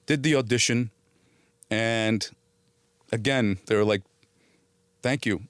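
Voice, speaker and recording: This actor guest has a lowish, clear, resonant voice and speaks slowly, though his storytelling is animated. A middle-aged man born in Italy and raised in New Jersey, he acts out the quoted voices and swears freely during a casual interview. The recording is dry and clean, with studio sound.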